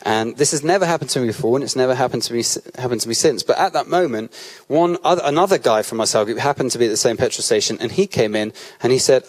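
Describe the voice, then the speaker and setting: British man, church speaker, conversational sermon, storytelling, restarts sentences, mid-pitched voice. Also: lively intonation, quick pace. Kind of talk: sermon with personal anecdotes.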